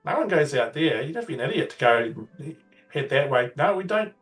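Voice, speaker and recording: A man's voice: fairly high pitch, big pitch swings, fairly quick, recorded from a distance, faint music behind. A man voicing a nervous young male villager who stammers and rambles through denials.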